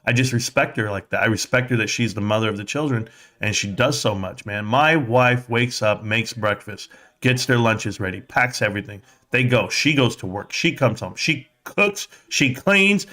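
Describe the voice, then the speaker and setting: A man's voice: mid-range voice, normal speed, sharp tone. A man hosting a live stream, reading viewer comments aloud and chatting casually in a rambling, joking way. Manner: reads chat aloud, rambling and jokey.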